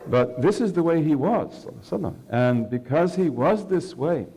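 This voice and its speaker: A man's voice: on the high side, animated, quick pace, hardly any pauses, warm tone, slightly rough, dull audio. A man giving a religious lecture, telling a story, acting out the quoted lines and asking his listeners questions. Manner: storyteller who acts out quotes and asks the audience questions. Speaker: Islamic scholar lecturing.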